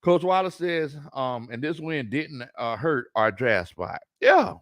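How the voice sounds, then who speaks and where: Reading comments from the chat, this man hosts a laid-back live sports stream with lots of laughter and long, drawn-out colloquial phrasing. He has a mid-range voice. The studio-quality recording has no room sound.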